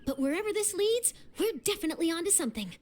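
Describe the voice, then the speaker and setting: A woman's voice: extremely high pitch, expressive, fast talker, a little mellow, slight background noise. A woman voicing a pushy, inquisitive young journalist in a video game, probing and teasing with easy confidence.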